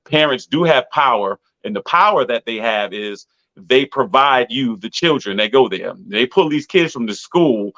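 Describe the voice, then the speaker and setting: A man sharing stories on a podcast panel, with a pitch in the middle for a man. He acts out the quotes as he tells each anecdote. The recording sounds a little dull and lo-fi. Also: a bit bright. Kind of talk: casual storytelling on a panel.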